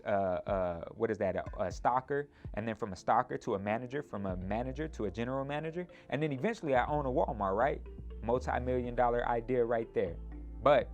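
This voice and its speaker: A man in his twenties telling a personal story in a lively, animated way, often ending points with a quick question to the listener. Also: medium pitch. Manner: animated, speeds up in retellings, tag questions.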